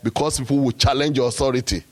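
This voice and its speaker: A man preaching a sermon, rising to loud, high exhortation and quoting scripture. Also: steady tone, fast talker.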